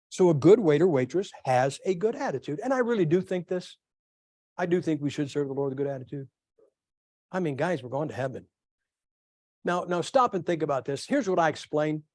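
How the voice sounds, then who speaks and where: A middle-aged male pastor preaching a sermon, telling folksy stories with lively asides to his congregation. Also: high voice, dry recording, studio quality. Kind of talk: sermon with storytelling.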